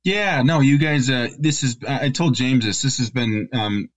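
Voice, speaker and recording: A middle-aged man chatting as a podcast guest, halting with many restarts and fillers. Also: mid-range voice. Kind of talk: casual interview chat.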